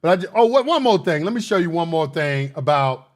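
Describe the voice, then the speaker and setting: A man's voice: fairly high pitch, expressive, fairly quick. A man hosting a casual livestream, lecturing his chat in a combative, boastful, slangy way and repeating phrases for emphasis. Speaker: livestream host answering chat.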